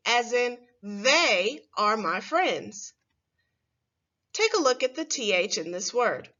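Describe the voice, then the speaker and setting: A woman teaching a first grade phonics lesson, speaking slowly and clearly and stretching words for young children. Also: fairly high pitch, sharp tone, muffled recording.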